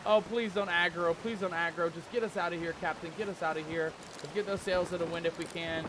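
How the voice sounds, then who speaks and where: A man streaming a pirate game, commenting live in an excitable, panicky way and peppering his talk with pirate slang. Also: on the high side, a little fast. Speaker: gaming streamer. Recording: game sounds and ocean noise behind. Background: ship and water game audio.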